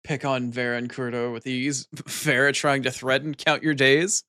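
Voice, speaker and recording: Bright-voiced male streamer chatting. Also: medium pitch, flat delivery, normal speed, clear, resonant tone, no echo, clean studio sound. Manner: profane, teasing banter with chat. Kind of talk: casual live-stream chat.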